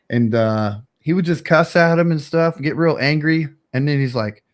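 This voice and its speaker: A man's voice: mid-range voice, normal speed. A man hosting a casual livestream chat, telling a story in a rambling, laid-back way with lots of fillers. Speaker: streamer host.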